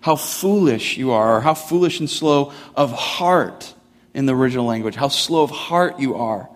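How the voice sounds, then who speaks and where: A man's voice: mid-range voice, animated, moderate pace, big-room sound. A man preaching a sermon in a casual, conversational way, with many "like" fillers, building intensity as he goes. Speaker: pastor.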